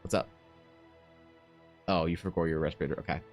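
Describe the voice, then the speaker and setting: Man, low voice, casual livestream chatter, filler-heavy, soft music underneath. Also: steady tone, fairly quick. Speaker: art streamer.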